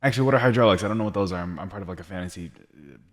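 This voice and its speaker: A young man giving casual gameplay commentary, talking to himself, muttering quietly at times and breaking into loud excited shouts. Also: low voice, rapid-fire, faint music behind. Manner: drops to near-whispered mutters while working. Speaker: gaming YouTuber.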